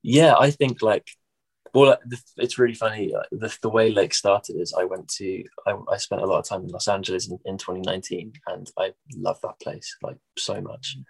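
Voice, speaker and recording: A man's voice: lowish voice, fairly even intonation, moderate pace, creaky, slightly rough. A young English man with a Midlands accent, a musician chatting casually in an interview with lots of fillers and restarts. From England.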